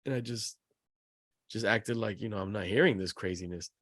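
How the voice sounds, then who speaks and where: A man co-hosting a podcast, animated and acting out his kids' voices as he tells family stories. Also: fairly low pitch, normal speed, dry recording. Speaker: podcast co-host. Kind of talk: casual chat.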